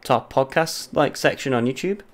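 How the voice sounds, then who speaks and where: A man's voice: mid-range voice, normal speed. A man co-hosting a gaming podcast with his brother, chatting in rambling, teasing banter. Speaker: podcast co-host. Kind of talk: casual chat.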